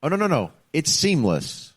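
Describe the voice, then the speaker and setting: Animated middle-aged man telling a story. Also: medium pitch, moderate pace. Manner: animated, acts out the calls. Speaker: podcast co-host, ex-trooper. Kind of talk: casual storytelling chat. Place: bar.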